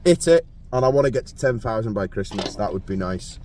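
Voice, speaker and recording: A man's voice: on the low side, fairly quick, far from the mic, slight background noise. A man vlogging while fishing outdoors at night, joking, laughing often and talking to the camera. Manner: jokey, laughing often, excitable. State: cold. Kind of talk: casual outdoor chat to camera.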